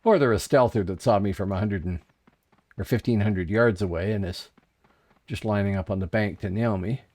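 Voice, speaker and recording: While playing an online game on stream, a man chats easily with viewers, reading their messages and thinking out loud. His voice is lowish and darkish in tone, at a moderate pace.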